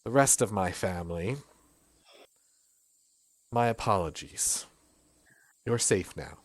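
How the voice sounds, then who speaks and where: A man's voice: medium pitch, very animated, very slow, exaggerated voice. A man putting on a huge scolding giantess. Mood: apologetic. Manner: scolding, exasperated. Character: huge fierce giantess, bossy older sister.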